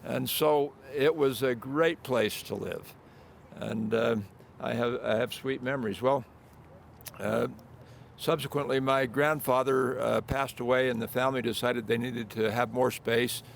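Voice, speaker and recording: An older man speaks into a podium microphone outdoors, his mid-range voice deeply gravelly and crackling. He reminisces in a halting, unhurried way, restarting his sentences often. Faint background noise sits under his speech. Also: steady tone. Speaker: property developer speaking at event. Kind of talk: informal prepared remarks. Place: outdoor groundbreaking event.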